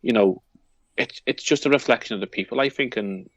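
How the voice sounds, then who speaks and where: A man's voice: mid-range voice, fairly quick, no echo, muffled recording. A man with a Liverpool accent co-hosting a football podcast, talking in a rambling way with many restarts. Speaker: podcast co-host. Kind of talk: casual football chat.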